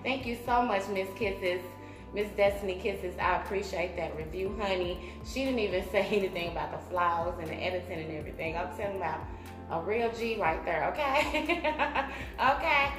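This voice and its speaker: A woman's voice: mid-range voice, moderate pace. Woman vlogger, chatty and affectionate, roomy echo with music playing behind. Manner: chatty, warm shout-outs, bursts of humming. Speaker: mukbang vlogger. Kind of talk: casual chat to viewers.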